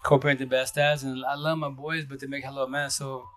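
A man hosting a casual live stream, talking fast and rambling, with restarts and repeated words. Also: mid-range voice, flat delivery, a bit bright, soft background music. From Seattle area. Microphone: phone.

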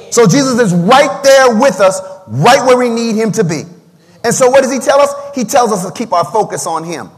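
Male pastor, very high voice, preaching with call-and-response, long hall reverb. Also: animated, normal speed. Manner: preaching with call-and-response, breaks into singing a hymn. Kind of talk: livestreamed sermon.

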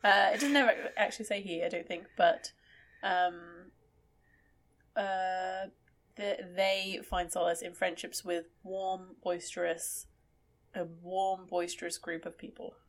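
A woman co-hosting a book podcast in casual chat, teasing dryly and pausing on fillers. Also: fairly low pitch, flat delivery. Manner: teasing, dry, hesitant with fillers. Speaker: podcast co-host.

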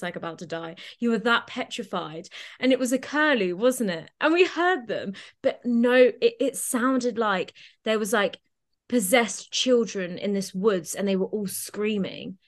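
A young woman, a podcast guest, reminiscing in an excitable, giggly way. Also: fairly high pitch. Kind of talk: casual reminiscing chat.

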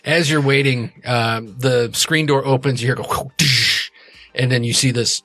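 A laid-back man narrates a tabletop game as game master, with a loose, chuckling delivery. His voice sits at a middling pitch and sounds close and dry, with faint background music. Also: steady tone, measured pace, fairly bright tone, dry recording.

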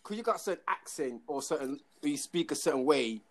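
A man argues his point on a casual podcast, dropping slang and swearing freely. His voice is mid-pitched and jumps around a lot as he insists and laughs. He keeps pushing back at his co-host. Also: animated, a little fast.

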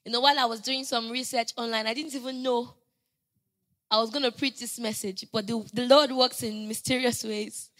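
High, bright-voiced woman preaching. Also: normal speed. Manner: animated, builds to loud emphatic proclamations; conversational storytelling with playful asides. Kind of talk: sermon.

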